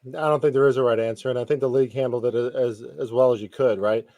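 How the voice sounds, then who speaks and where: A man's voice: mid-range voice, steady tone, warm tone, no room sound. A man chatting as a guest sports analyst, often restarting and filling his sentences with ums. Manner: halting, many restarts and fillers. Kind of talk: casual podcast chat.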